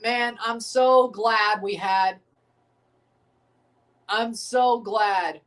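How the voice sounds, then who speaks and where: A man with a high, steady voice, speaking very slowly with a fairly bright tone, is recorded from a distance, a bit off the mic. He hosts a livestream sports watchalong, reacting live in a profane rant and repeating himself.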